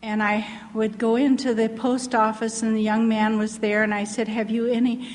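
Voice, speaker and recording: An older woman missionary shares her testimony in an earnest, heartfelt way, her voice sitting somewhat high. The sound carries a long, echoing reverb like a large hall. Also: level tone, moderate pace. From United States. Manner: earnest, heartfelt, laughs softly while telling. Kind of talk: personal testimony storytelling.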